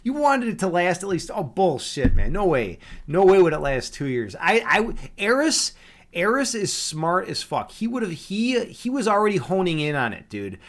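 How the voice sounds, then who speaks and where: Man, stream host, casual teasing chat, fairly high voice, lively intonation, lots of fillers. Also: moderate pace. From Chicago. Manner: joking, teasing, many restarts and fillers. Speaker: livestream host.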